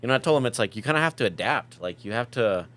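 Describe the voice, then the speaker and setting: A man from Mexico, a guest on a podcast, talking in a measured way with lots of fillers. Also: mid-range voice, animated, fairly bright tone. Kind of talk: casual chat.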